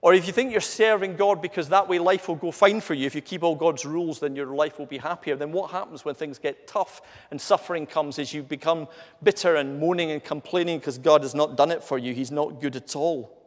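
A man's voice: on the high side, steady tone, a little fast. A man preaching an earnest, conversational sermon, asking his listeners rhetorical questions. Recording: long hall reverb.

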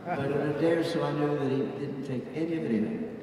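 A man's voice: on the high side, steady tone, fairly quick, recorded from a distance, a crowd in the background. Older man preaching in an echoey hall. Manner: earnest, emphatic, acts out quoted voices. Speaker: pastor. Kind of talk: sermon.

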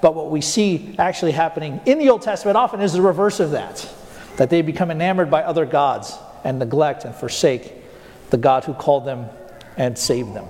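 A man with a fairly high voice delivers a sermon as pastor, recorded in a church with a long reverb. He puts questions to his listeners and draws out key words for emphasis. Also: a little mellow. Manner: asks the congregation rhetorical questions, slows down for emphasis.

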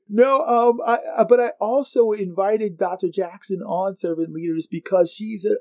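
A man's voice: sits high, fairly even intonation, moderate pace, few pauses, dry recording. A man hosting a podcast, introducing and interviewing a guest with enthusiastic, effusive praise. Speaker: podcast host.

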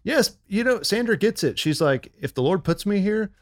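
A man on the church staff, co-hosting a casual faith podcast in an animated, upbeat way, with lots of fillers. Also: sits high, normal speed, no room sound, studio quality.

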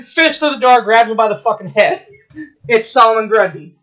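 Rambling excitable male podcaster, high voice, dull lo-fi sound. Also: moderate pace. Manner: rambling, excitable storytelling with laughs and profanity. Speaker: podcast co-host. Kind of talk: casual chat.

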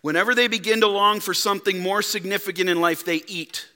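A man preaching a sermon as pastor, emphatic, dropping to quiet rhetorical questions. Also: sits high, fairly even intonation, brisk. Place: church. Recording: long reverb in a church hall.

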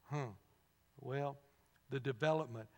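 A man's voice: medium pitch, slow, creaky, darkish tone. A man preaching a sermon in a church, talking conversationally, asking the congregation questions and laughing at his own stories. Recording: long hall reverb.

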